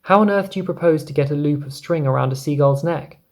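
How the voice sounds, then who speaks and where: A fussy, timid earthworm in a storybook, squeaking up in panic and stammering out his refusals, as a man puts him on. The voice is loud and pitched high, with a gravelly edge. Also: fast talker, close to an everyday voice. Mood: alarmed.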